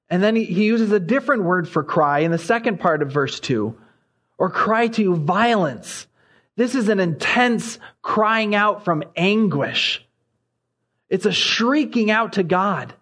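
A man's voice: sits high, unhurried, fairly bright tone. A man preaching a sermon, growing impassioned as he reads scripture aloud. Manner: impassioned, rising when reading scripture aloud.

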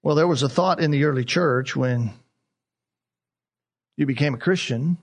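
A man's voice: a little high, normal speed. A man preaching a sermon as a pastor, emphatic, repeating key phrases and asking rhetorical questions.

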